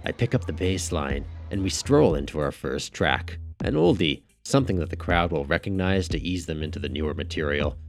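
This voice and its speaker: Deep-voiced man narrating a story. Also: animated, brisk, few pauses, soft background music. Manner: casual, wry storytelling. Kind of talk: first-person audiobook narration.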